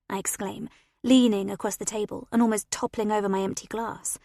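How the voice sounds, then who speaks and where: A woman narrating a first-person story as an audiobook reader, expressive and animated, on a close studio mic. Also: mid-range voice, fast, vocal fry, dry recording.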